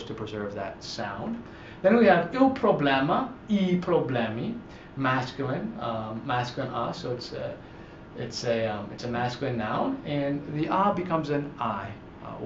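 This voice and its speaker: A man teaching a recorded online language lesson, explaining slowly and repeating each example word with many fillers. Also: medium pitch, slight background noise. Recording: echoey, dull lo-fi room.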